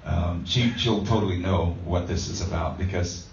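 A low-voiced man speaking at a moderate pace delivers a conversational sermon as a pastor, telling a self-deprecating story with plenty of fillers. The sound is roomy, distant, and dull, with a little hiss or hum.

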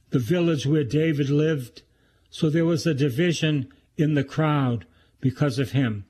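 A male priest reading scripture and adding his own reflective comments. He speaks very slowly and deliberately. His voice sits a little high for a man. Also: darkish tone, breathy edge. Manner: slow, prayerful reading with reflective asides.

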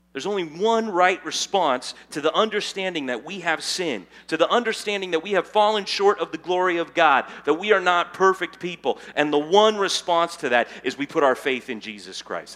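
A man preaching a sermon as pastor, dropping to hushed asides and then building to loud, emphatic stretches. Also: a little high, lively intonation, normal speed. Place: church sanctuary.

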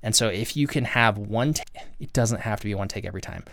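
Low-voiced man giving casual advice. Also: fast, fairly bright tone, no room sound, clean studio sound. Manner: conversational, earnest, frequent restarts. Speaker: host giving channel growth advice. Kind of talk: casual talk-to-camera advice.

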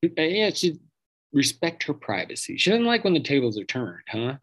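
A man hosts a podcast segment, ranting with open sarcasm and plenty of profanity. His voice is husky and a bit rough, and his pitch leaps around in an animated way. He mocks and jabs rather than reasoning calmly. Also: moderate pace, poor audio. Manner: sarcastic, mocking, swears freely. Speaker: podcast host. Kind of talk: profane political rant.

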